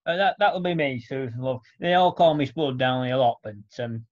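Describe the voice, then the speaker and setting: A man voicing a scruffy, easygoing older allotment gardener who talks in a folksy, halting way. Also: mid-range voice, lightly acted. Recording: dull lo-fi recording.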